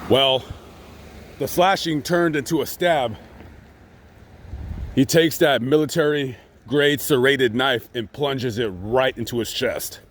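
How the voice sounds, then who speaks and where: A man narrating a true crime story in a casual, dramatic vlog style, building excitement and acting out quotes. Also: mid-range voice, slow pace, pauses often, a little hiss or hum. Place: outdoors on location.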